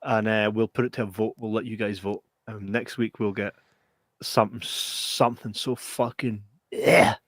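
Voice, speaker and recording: A man's voice: fairly low pitch, steady tone, normal speed, dry recording, studio quality. A Scottish man co-hosting a casual podcast. He talks to viewers in a chatty, sweary way and explains plans for the next show. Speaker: podcast co-host.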